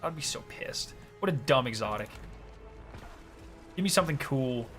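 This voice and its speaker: A man chatting casually on a gaming stream, excitable and ranting with plenty of swearing. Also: medium pitch, normal speed, faint music behind.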